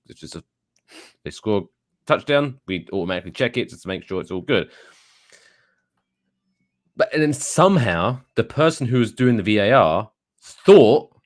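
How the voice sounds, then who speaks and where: Lively low-voiced man telling a story. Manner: animated storytelling, heavy swearing. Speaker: podcast co-host. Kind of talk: casual sports chat.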